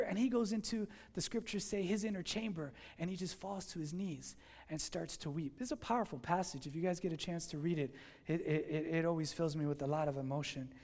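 A male pastor giving a sermon, telling a story with lively voiced dialogue. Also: high-pitched. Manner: animated storytelling, acting out dialogue.

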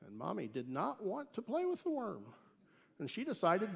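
A man preaching a sermon and telling a story, emphatic and swinging between loud declarations and hushed asides. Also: sits high, wildly swooping pitch, moderate pace, gravelly, highs cut off. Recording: echoey hall reverb.

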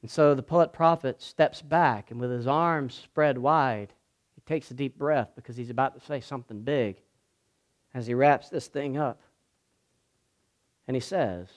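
A man preaching a sermon as pastor, moving from hushed, slow passages to loud, emphatic ones. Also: mid-range voice.

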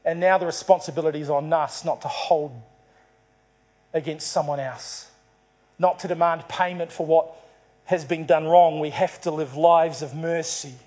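A man's voice: a little high, steady tone, moderate pace, darkish tone. A man preaching a sermon to a congregation, telling a story and acting out its dialogue. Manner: storytelling, acts out dialogue in the parable. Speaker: pastor.

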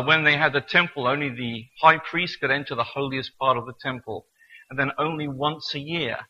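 A man preaching a sermon in an earnest manner, reading scripture slowly and deliberately. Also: medium pitch, bright, forceful tone, husky, dull audio.

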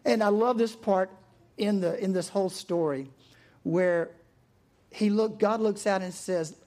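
Man, pastor, sermon, lively storyteller, acts out quotes, chuckles. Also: high voice, a little slow.

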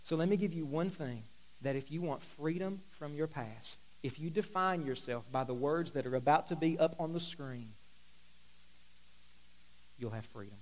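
A man preaching as a pastor, moving between quiet, intimate asides and loud, emphatic declarations. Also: on the high side, moderate pace, low-quality recording. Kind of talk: sermon.

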